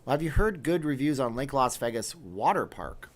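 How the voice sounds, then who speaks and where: A man's voice: medium pitch, big pitch swings, moderate pace. A man with a mid-range voice chats through a casual livestream from home. He reads viewer comments aloud and answers them with a loose, jokey, wry manner. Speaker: livestream host.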